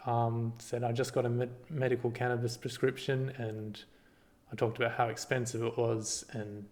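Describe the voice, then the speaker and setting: A man casually walks through a screen-recorded tutorial, relaxed and halting, with lots of ums and restarts. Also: medium pitch. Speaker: party volunteer giving a tutorial.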